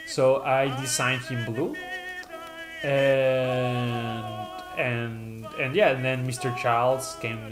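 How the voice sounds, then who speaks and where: A man of ordinary pitch talks loosely on a live stream, reading out viewer comments as he goes. He rambles, with lots of fillers and restarted sentences. Soft music plays faintly behind him. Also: steady tone, takes it slowly. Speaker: streamer presenting his channel mascot.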